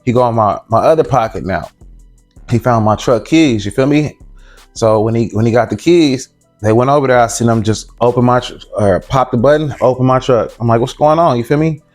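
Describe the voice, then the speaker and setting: A man at a middle pitch tells a story in casual street slang, keeping his listener hooked with the same tag line and acting out what the others said. Faint music plays behind him. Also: a little fast. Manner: slangy, animated, acts out the voices of others. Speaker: interviewee.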